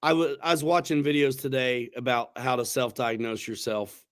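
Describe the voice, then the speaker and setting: A man's voice: mid-range voice, fairly even intonation, normal speed, smooth. A man hosting a casual livestream chat, talking in a laid-back, slangy, rambling way with restarts. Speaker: host.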